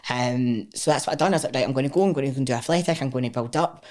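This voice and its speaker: A Scottish woman with a bass voice talks rapid-fire as a podcast guest. She's a powerlifter telling her own story candidly, frank and expressive, swearing freely and acting out what people said.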